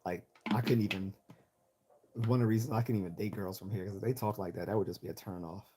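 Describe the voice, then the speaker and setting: Hosting a livestream, a Chicago man with a Northeastern American accent rambles and offers opinions while reading the chat aloud, often restarting sentences. His voice sits on the low side, mellow with a breathy edge, with fairly even intonation and fast delivery.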